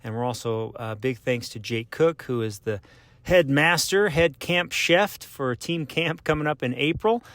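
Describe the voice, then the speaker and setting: An upbeat man hosting a casual podcast, rambling along with plenty of fillers. His voice sits at a medium pitch and the recording is dry and close. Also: unhurried, fairly bright tone, no echo. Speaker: podcast host.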